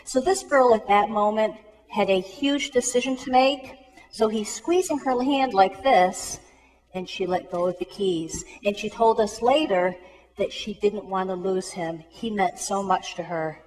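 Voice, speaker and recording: A woman's voice: mid-range voice, a little slow, darkish tone. A woman who works in an emergency room tells a cautionary story to students. She acts out the dialogue of the people in it. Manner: earnest storytelling with acted-out dialogue. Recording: long reverb of a big hall.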